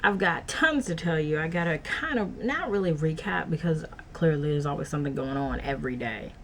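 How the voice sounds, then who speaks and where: Chatty woman vlogger, lively voice. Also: low voice, fairly quick, slight background noise. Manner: chatty and rambling, with frequent laughs. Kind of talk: casual vlog chat to camera.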